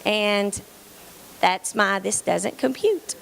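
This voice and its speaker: A female teacher, giving a hurried, earnest pitch full of um fillers. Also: gravelly, fairly bright tone, a little hiss or hum. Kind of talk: grant pitch presentation.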